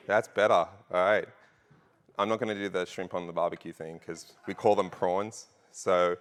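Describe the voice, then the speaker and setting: A man's voice: deep voice, fairly even intonation, a little fast, fairly bright tone. A man with an Australian accent giving a jokey conference talk from a stage, rousing the audience, with many fillers. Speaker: conference speaker. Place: large conference hall.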